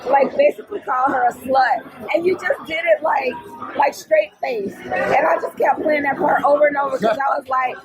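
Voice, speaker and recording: Chatty high-voiced woman with crowd behind. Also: moderate pace, poor audio. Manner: chatty, enthusiastic, laughs easily. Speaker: podcast host. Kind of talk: casual interview chat.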